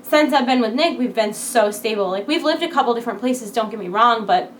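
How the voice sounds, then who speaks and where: A woman's voice: fairly high pitch, animated, brisk, a little hiss or hum. Chatty woman in her twenties. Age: 20s. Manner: chatty, lots of filler "like". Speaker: vlogger. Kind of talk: casual chat to camera. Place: at home. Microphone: computer desk setup.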